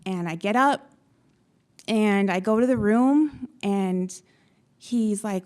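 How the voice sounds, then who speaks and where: A young adult woman from Utah, a patient on a panel, telling her story to an audience with frequent pauses and ums. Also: medium pitch, a little mellow. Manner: halting, many ums, retells dialogue. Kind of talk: personal story told to an audience.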